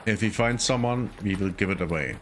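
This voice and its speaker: A man's voice: on the low side, a little fast, noisy background. A man streaming a video game in casual chat, muttering to himself and swearing a lot. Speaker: gaming streamer.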